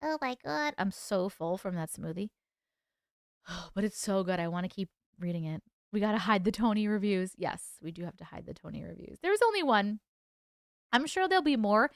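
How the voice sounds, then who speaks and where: A livestream host and author chats casually with her viewers, reading their comments aloud and laughing often. Her mid-range voice has lively intonation and a moderate pace, in clean studio sound with no room echo.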